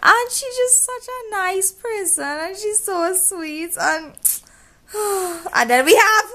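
A woman's voice: extremely high pitch, animated, takes it slowly, fairly bright tone. Chatty young woman vlogging. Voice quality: self-described pompous-sounding accent. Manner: chatty, rambling, many ums and trailing restarts. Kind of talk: casual chat to camera. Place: living room at home. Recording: roomy room with faint background noise.

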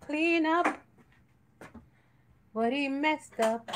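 A woman's voice: medium pitch, slow pace, long pauses, background noise. Jamaican woman hosting a live home cooking stream; playful, giggly, cracks jokes. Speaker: cooking show host. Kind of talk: casual live cooking chat. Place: home kitchen.

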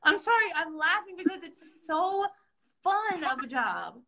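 Bubbly, high-voiced woman hosting a comedy stream. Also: very animated, a little slow, pushed and bright. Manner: bubbly, chipper and mock-cheerful, breaking into laughter. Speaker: comedy host playing a Disney World career orientation leader. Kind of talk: improvised comedy sketch on a live stream.

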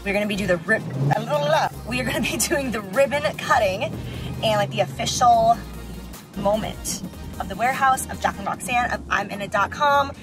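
Woman vlogger, bright higher voice, chatty and gushing, full of fillers and giggles, music behind. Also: moderate pace. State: hungover and tired. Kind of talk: casual vlog chat.

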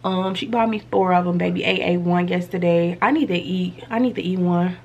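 A woman's voice: on the low side, brisk, highs cut off. Woman vlogger, casual story time, slangy, phone mic, home, faint hum. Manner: animated storytelling, lots of slang and cursing. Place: home, indoors.

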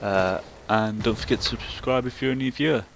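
A man's voice: fairly low pitch, a little fast, creaky. Swearing man commenting on gameplay. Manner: swears and shouts at other players, excitable outbursts. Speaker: gaming channel host.

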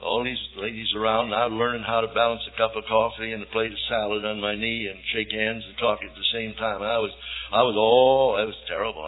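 A man around seventy preaching a sermon, telling homespun stories with self-deprecating humor and building to fervent appeals. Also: on the low side. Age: about 70. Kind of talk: sermon, folksy storytelling and exhortation. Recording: tinny phone-like archive sermon tape.

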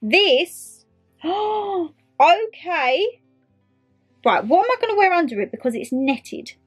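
Young british woman, high-pitched, excitable and chatty, quiet music behind. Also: moderate pace. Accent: British English. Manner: chatty and excitable, talks to viewers and to the clothes. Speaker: vlogger. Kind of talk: casual try-on haul chat.

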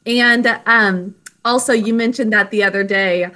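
A woman teaching young children a phonics lesson, patient and encouraging as she sounds out words slowly. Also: mid-range voice, fairly even intonation, pushed and bright.

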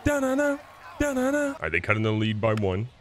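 A man's voice: lowish voice, fairly even intonation, quick pace, fairly bright tone. A young man giving casual, playful commentary while playing a baseball video game, boasting and mocking himself as he goes. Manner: playful, boastful, self-mocking trash talk. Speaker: gaming YouTuber.

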